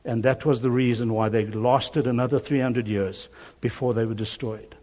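A man preaching a sermon, telling a Bible story with animated storytelling and voiced dialogue, chuckling now and then. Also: mid-range voice, normal speed. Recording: long hall reverb.

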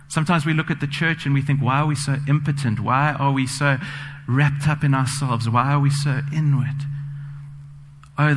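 A man's voice: medium pitch, fairly bright tone. A man preaching a sermon, earnest and personal, telling stories with frequent fillers. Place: church sanctuary. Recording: long church reverb.

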